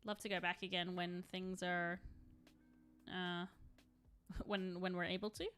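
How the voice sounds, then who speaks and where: Young woman streamer rambling on while she paints, bright voice, a bit of music playing behind. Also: lowish voice, little pitch movement, unhurried. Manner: chatty, rambling, laughs often. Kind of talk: casual live-stream chat.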